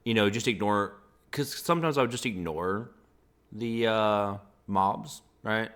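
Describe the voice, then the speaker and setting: A man interviewing a player in a casual gaming chat, telling stories excitedly and filling his talk with "like". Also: on the low side. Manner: excitable, fast storytelling with many fillers.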